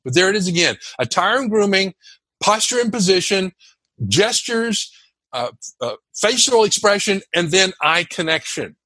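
A man talks as a speaking coach on an interview show, his husky voice leaping up and down in pitch as he lays out his points one by one. He is emphatic and high-energy. The sound is dry and close. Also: normal speed, no room sound. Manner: energetic, emphatic, teaching in lists. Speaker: guest, communication coach. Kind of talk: animated interview talk.

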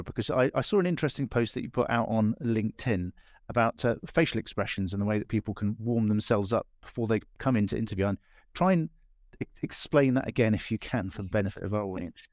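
Male podcast host, mid-pitched voice, playful and curious, dry close sound. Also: darkish tone, dry recording. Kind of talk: interview podcast. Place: indoors, video call.

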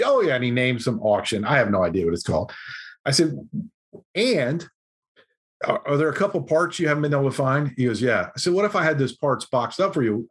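A man guest on a podcast, telling a story in a casual, animated way and acting out what people said. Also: mid-range voice, slightly rough. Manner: animated anecdote-telling, acts out quotes. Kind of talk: conversational storytelling.

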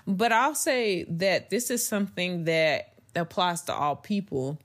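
Measured in pace and fairly low in pitch, this young woman's voice carries a faith-based podcast she hosts. Her manner starts earnest and conversational, then builds in emphasis.

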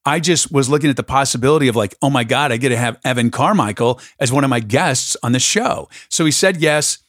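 A man's voice: medium pitch, brisk, fairly bright tone, no room sound, studio quality. A man hosting a podcast, telling a story in a casual, enthusiastic way. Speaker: podcast host. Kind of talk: casual conversation.

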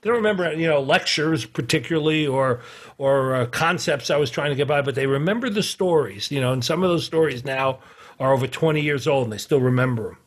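A man's voice: on the high side, brisk. A middle-aged man, a podcast guest, telling a long anecdote in a rambling way with many fillers, restarts and chuckles. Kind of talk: casual anecdotal storytelling.

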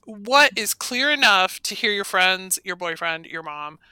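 A woman's voice: mid-range voice, expressive, unhurried, sharp tone, clean tone, dry recording. A woman co-hosting a podcast in casual chat, chatty and saying "like" a lot. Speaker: podcast co-host.

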